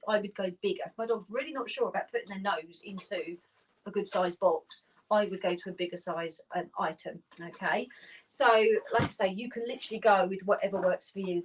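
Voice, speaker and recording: Brief: woman, dog-training lesson voice, plain mid pitch, a little distant. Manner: clear, practical explaining, breaks into high praise for the dogs. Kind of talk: instructional video.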